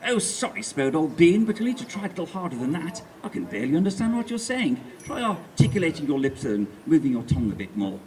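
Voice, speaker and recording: Bawdy domineering empress voiced by a male reader, brisk delivery. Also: fairly high pitch, sing-song, a little mellow, recorded from a distance. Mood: bossy.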